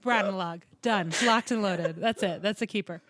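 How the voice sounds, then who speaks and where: A woman co-hosting a podcast, telling stories in an animated, casual way and swearing freely. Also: mid-range voice, normal speed, no echo. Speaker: podcast co-host. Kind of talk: casual chat.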